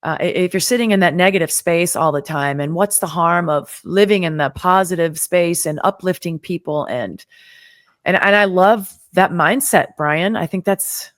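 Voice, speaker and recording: Woman podcast host, low-pitched and encouraging; dry, close recording. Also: no echo. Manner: encouraging, quick affirmations. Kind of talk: casual interview.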